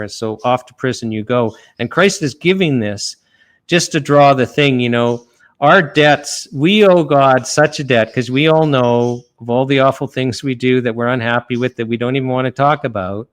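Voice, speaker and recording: Male lawyer guest from Canada, mid-pitched, earnest and conversational, full of restarts and fillers. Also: normal speed. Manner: earnest, retells a parable with many restarts and fillers. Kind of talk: conversational podcast talk.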